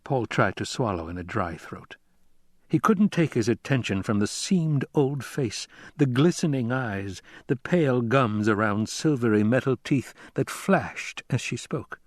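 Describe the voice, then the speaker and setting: A male audiobook narrator with a measured, unhurried delivery. His voice sits at a middling pitch and moves slowly. The sound is dry and close, with no room echo. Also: expressive. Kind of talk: scripted narration.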